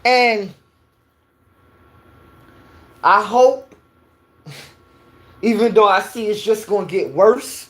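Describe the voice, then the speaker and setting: A woman's voice: medium pitch, slow. A woman from New York with a New York accent, giving a heated, preachy opinion rant and repeating her points.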